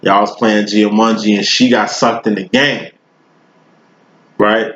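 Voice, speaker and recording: A man's voice: on the low side, steady tone, unhurried, fairly bright tone. A man giving a casual tarot reading, talking in a loose, slangy, profane way and spinning long rambling analogies. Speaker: tarot reader. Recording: roomy, dull lo-fi recording.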